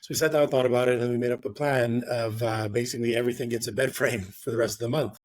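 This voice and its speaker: Middle-aged man, casual storyteller on a podcast; mid-pitched, rambling, filler-heavy, a bit of swearing, dry close sound. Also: steady tone, quick pace, no echo. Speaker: real estate agent guest.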